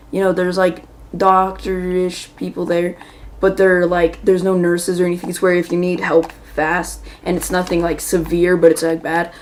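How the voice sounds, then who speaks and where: A woman's voice: on the low side, a little mellow. A woman hosting a gaming video, telling a rambling, chatty story while she plays and breaking off to react to the game. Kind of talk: casual storytelling while playing a shooter game.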